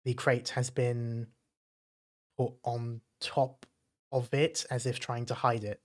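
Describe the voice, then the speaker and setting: A man's voice: mid-range voice, takes it slowly. Male dungeon master, mid voice, casual fill-heavy scene narration. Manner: descriptive, relaxed, many fillers. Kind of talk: narrating a tabletop game.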